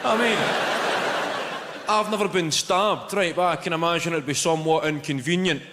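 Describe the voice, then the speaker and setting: A Scottish man with a Glaswegian accent performing a stand-up comedy routine, telling a story in a deadpan way with crude swearing. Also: fairly high pitch, moderate pace, heavy background noise. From Scotland. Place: large live venue. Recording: echoey hall with loud ambience. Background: audience laughter.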